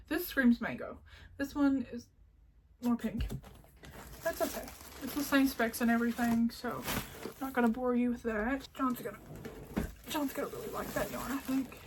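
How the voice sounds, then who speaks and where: There's slight background noise as a high-voiced woman, a crafting vlogger with a Southern country accent, chats her way through a yarn haul from home. She rambles loosely, leans on "like" constantly, and slips into near-whispered asides.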